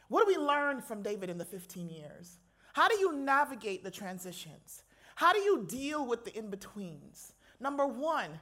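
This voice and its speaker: A woman's voice: fairly high pitch, very animated, normal speed, a bit bright. A woman chaplain preaching a sermon to a live audience, conversational and playful with slangy asides. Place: lecture hall with an audience.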